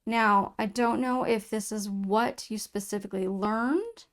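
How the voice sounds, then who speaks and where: A woman's voice: medium pitch, creaky. A woman giving a pick-a-card tarot reading to her viewers, musing aloud and reading out card meanings. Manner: soft, musing, reads card texts aloud. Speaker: tarot reader.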